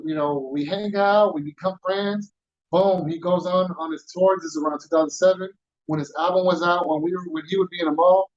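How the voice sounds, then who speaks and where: A man's voice: high-pitched, muffled recording. A man from Houston, a podcast guest, telling stories casually with slang and acting out what others said. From Houston, Texas. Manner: animated storyteller, acts out quoted voices, street slang. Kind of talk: casual storytelling.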